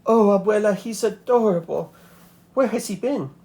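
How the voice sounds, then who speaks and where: A man voicing a young female cockroach who is proud and sharp-tongued, in a storybook read-aloud. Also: sits high, moderate pace, voice pushed up. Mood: smitten. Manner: dry, crisp put-downs.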